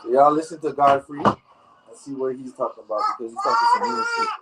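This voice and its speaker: A man's voice: medium pitch, huge pitch swings, fast. A man addressing his fans in an emphatic, preachy way. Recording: loud background noise.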